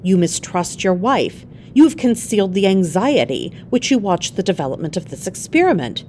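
A woman's voice: mid-range voice, sing-song, normal speed, darkish tone, a little hiss or hum, lightly acted. A woman voicing a devoted young wife who speaks firmly and earnestly, in a storybook reading. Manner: firm, earnest.

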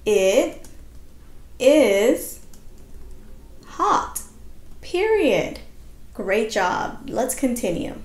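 Slow, lively-voiced woman teaching kindergarten. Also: fairly high pitch, reverberant. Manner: slow, drawn-out words for young children, praising and encouraging. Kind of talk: virtual class lesson and picture-book read-aloud.

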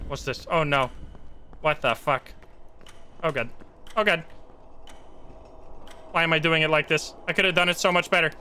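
A man streaming a horror game live, reacting excitably, swearing often and chanting to himself as he plays. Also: on the high side, normal speed, long pauses, slight background noise. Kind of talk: live gameplay commentary.

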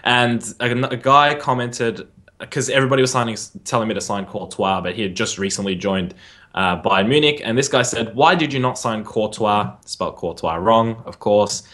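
A podcast guest with a lowish voice. He tells his story in a rambling, laid-back way during a casual chat. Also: normal speed, fairly bright tone.

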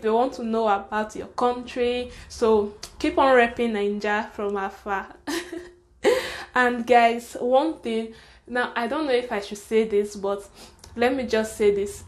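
Young woman, Nigerian accent, higher voice, fast and chatty, frank advice, casual vlog. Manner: chatty, fast, frank, with frequent laughter and "sha". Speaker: vlogger.

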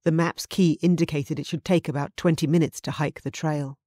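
A woman audiobook narrator reading a contemporary romance in an even, measured scripted narration. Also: sits low, no room sound, clean studio sound.

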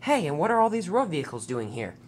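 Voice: mid-range voice, sing-song, fast talker, a little hiss or hum, lightly acted. A narrator voicing an eager young male tank engine who exclaims often in a homemade toy-train story.

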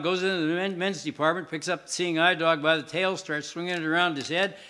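An older man doing stand-up on stage, telling quick deadpan one-liners to a live audience. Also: fairly high pitch, slight background noise. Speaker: stand-up comedian. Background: audience laughter.

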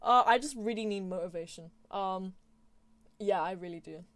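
A woman's voice: mid-range voice, moderate pace, no room sound. A young woman streaming from home, chatting casually with her viewers while gaming, giggling often and answering chat.

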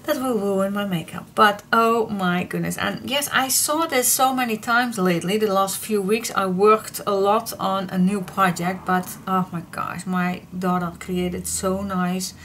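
A middle-aged woman with a Dutch accent hosting a paper craft vlog, gushing and excitable, often repeating her delight. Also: mid-range voice, unhurried, hardly any pauses, a little hiss or hum. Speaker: paper craft channel host.

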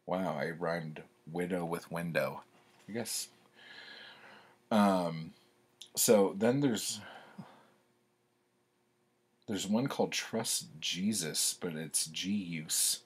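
A man with a very low, husky voice reads aloud from his old childhood poems and mocks them as he goes. He talks slowly and casually, in a wry, self-deprecating tone. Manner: wry, self-mocking, laughs at his own writing. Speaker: author reading his childhood writing. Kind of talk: casual reading and commentary.

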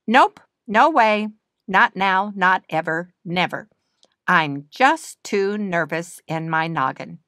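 A woman's voice: lowish voice, lively intonation, slow, a bit bright, no room sound, clean studio sound. A woman voicing a nervous, stubborn little girl nandu bird in a storybook reading, refusing things in anxious, whiny refrains.

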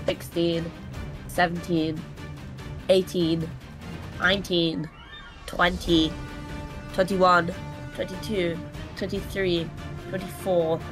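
A young woman playing a game with a friend, reacting quickly and giggling often. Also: lowish voice, level tone, over music. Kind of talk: casual gaming banter.

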